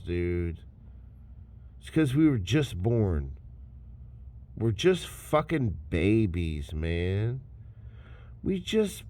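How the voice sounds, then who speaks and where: A man ranting to camera, swearing constantly and swinging between mocking shouts and low mutters. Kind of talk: profane rant to camera.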